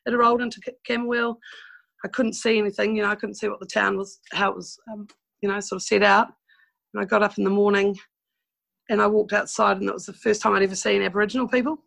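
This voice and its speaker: A woman's voice: mid-range voice, flat delivery, quick pace, gravelly, a bit bright, low-quality recording. A woman from New Zealand with a New Zealand accent, frankly telling stories from her past in a casual interview. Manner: chatty and frank, with mild swearing and laughing asides. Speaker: guest telling life stories.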